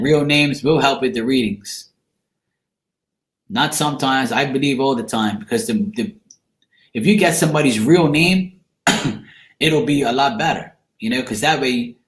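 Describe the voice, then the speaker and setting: A man's voice: medium pitch, fairly bright tone. Chatty man talking to his live chat. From Bermuda. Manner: rambling, chatty, answers chat comments by name. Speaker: tarot reader on a live stream. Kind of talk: casual chat with live viewers. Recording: echoey room.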